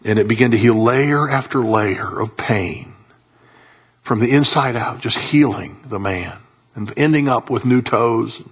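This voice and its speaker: A man preaching a sermon with passion, rising to loud high peaks and dropping to soft low tones. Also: husky.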